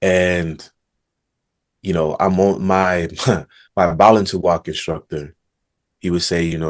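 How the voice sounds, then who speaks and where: A man's voice: deep voice, steady tone, slow pace, long pauses. A man, an author and negotiation coach, being interviewed on a podcast. He answers thoughtfully and murmurs "hmm" before he speaks.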